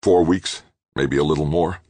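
A man's voice: a bass voice, fairly even intonation, moderate pace, dark tone, no echo. A man playing an injured man, weak and urgent. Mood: pained. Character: badly injured man, pained but urgent.

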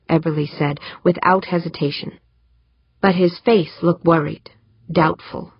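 A woman narrating an audiobook in a steady, measured reading. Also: fairly low pitch, breathy edge, no room sound. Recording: dull, muffled dry recording.

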